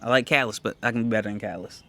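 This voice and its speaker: A comedian co-hosting a podcast in casual chat, talking candidly and boastfully in quick restarts and swearing freely. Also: male voice, lowish voice, gravelly, bright, forceful tone.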